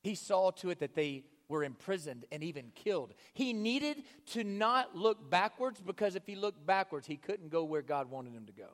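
A man preaching a sermon with passion, swinging from loud urging down to hushed, near-whispered lines. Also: high voice, expressive, normal speed, hardly any pauses. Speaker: pastor. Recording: long hall reverb.

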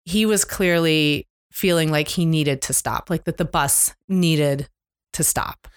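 A middle-aged woman co-hosting a podcast, candidly retelling a stressful family road trip in a halting, emotional way. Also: deep voice, smooth, no room sound, clean studio sound. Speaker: podcast co-host. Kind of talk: casual storytelling chat. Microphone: close podcast mic.

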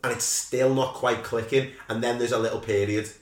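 A man telling animated stories as a co-host in casual chat. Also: mid-range voice, normal speed, recorded from a distance. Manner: animated storytelling, mimics shouts. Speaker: podcast co-host. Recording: roomy echo.

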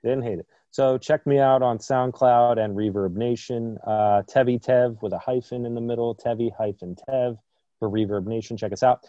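Dry, deadpan man on a muffled mic. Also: medium pitch, moderate pace, dry recording. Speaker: podcast co-host. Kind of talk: casual podcast banter.

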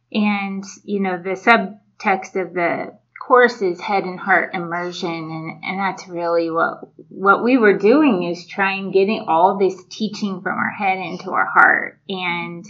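Woman telling a faith story real slow, kinda muffled lo-fi audio. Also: on the low side. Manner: reflective storytelling with soft laughs. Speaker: podcast co-host. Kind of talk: casual faith chat.

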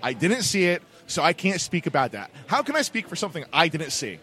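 A man's voice: fairly high pitch, big pitch swings, brisk, pushed and bright. A man playing a wrestling manager who stammers and defends himself. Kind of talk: wrestling backstage interview.

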